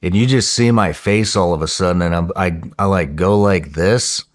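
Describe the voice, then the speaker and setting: A man telling a story in a podcast interview in a casual, profane, excitable way, often restarting his sentences. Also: deep voice, normal speed.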